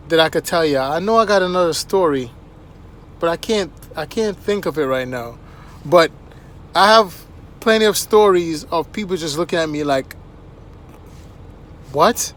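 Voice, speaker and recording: A man with a high voice tells casual anecdotes to camera. He is animated and chatty, and keeps tossing in little checks with the listener. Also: moderate pace. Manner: animated, chatty, frequent "right?" asides. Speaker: vlogger.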